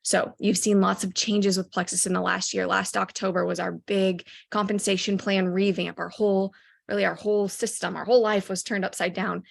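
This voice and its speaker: A woman gives her team a motivational recap of a company event, with plenty of ums and restarts. Her pitch stays fairly flat and level. A gravelly fry runs under her eager delivery. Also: moderate pace. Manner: enthusiastic, many ums, rambling restarts.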